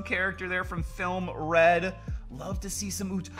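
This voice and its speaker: A host of a card-opening channel, chatting casually like a fan while reading out card names, and bursting into loud excitement over rare pulls. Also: mid-range voice, moderate pace. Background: background music.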